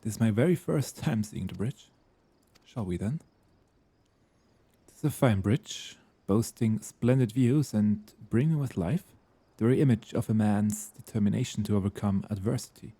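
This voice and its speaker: A man reading game dialogue aloud, voicing a gentle male god in mortal form with a French accent and formal, archaic, courteous speech. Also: on the low side, moderate pace, breathy edge, no room sound. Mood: earnest.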